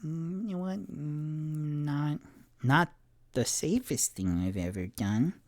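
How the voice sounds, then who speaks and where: A man voicing a young, playful halfling girl in a tabletop game, speaking in a high, sheepish childlike voice. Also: slow pace, darkish tone, dry recording.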